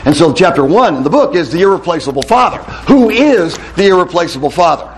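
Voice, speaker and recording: A middle-aged male pastor giving a lively talk to a room of men, telling stories and putting questions to the crowd. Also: a little high, brisk, slight background noise. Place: hall with a live audience.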